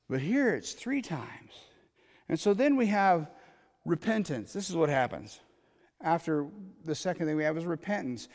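A man preaching a sermon in a conversational way, alternating loud emphatic lines with quiet asides. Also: fairly high pitch, sing-song, measured pace, pauses often, in a large hall. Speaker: pastor.

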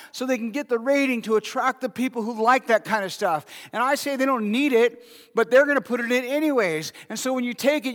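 A man's voice: very high voice, fairly bright tone. A man preaching a sermon as pastor, talking in a conversational way and asking the congregation questions. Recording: long hall reverb.

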